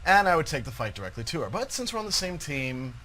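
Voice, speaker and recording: A man's voice: fairly high pitch, big pitch swings, fast, bright, forceful tone, slight background noise. Chatty man demoing a game. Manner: explains features while playing, chatty. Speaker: game stream host. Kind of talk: live gameplay demonstration.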